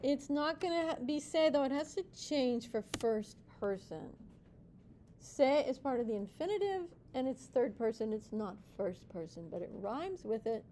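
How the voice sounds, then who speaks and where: A woman's voice: high-pitched, expressive, normal speed, mellow, slight background noise. A woman teaching a Spanish class, explaining step by step, checking in with students and mixing in Spanish praise and playful nicknames.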